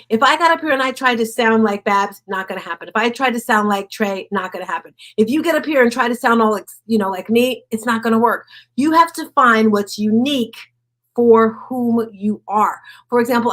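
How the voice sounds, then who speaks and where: A woman hosting an online motivational session, talking fast and with energy, and she grew up in the North. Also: on the high side, a bit bright. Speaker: host. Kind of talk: motivational group talk.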